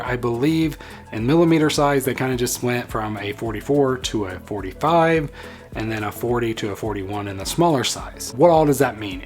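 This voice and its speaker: A man with a medium-pitched voice talks casually through a vlog-style tech review. He's chatty and enthusiastic and tends to wander off on playful tangents.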